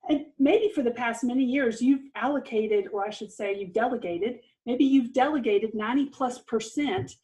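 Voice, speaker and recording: A woman's voice: on the high side, normal speed, hardly any pauses, warm tone, low-quality recording. A middle-aged woman giving an earnest, encouraging parenting lesson, with light laughs. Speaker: parenting course presenter.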